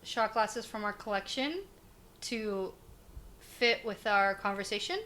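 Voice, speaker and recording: A woman co-hosting a podcast in casual chat, chatty and giggly, drifting into quick tangents. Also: mid-range voice, a bit bright, slight background noise. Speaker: podcast co-host.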